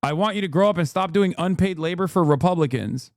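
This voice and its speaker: A man's voice: sits high, quick pace, no room sound, studio quality. A man in his thirties hosting a live-stream reaction, ranting sarcastically and reading chat messages aloud. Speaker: streamer host.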